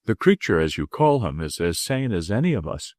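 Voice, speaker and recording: A man voicing an ironical English gentleman detective with an Oxford accent and a slow, emotionless drawl. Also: low voice, big pitch swings, dry recording, studio quality.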